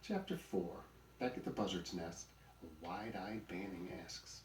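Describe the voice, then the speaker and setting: Low-voiced man narrating a storybook. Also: measured pace, a little hiss or hum. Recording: roomy recording, mic at a distance.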